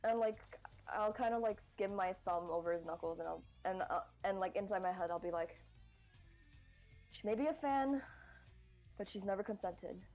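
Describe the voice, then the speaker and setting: A woman's voice: medium pitch, normal speed, long pauses, darkish tone, soft background music, lightly acted. A woman player role-playing her character at a tabletop game, talking casually with fillers and firm refusals.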